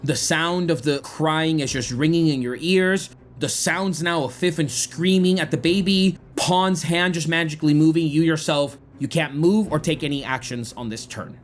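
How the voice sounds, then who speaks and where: A man's voice: a little high, moderate pace, slight background noise. A man narrating a tabletop game as game master, describing the scene dramatically.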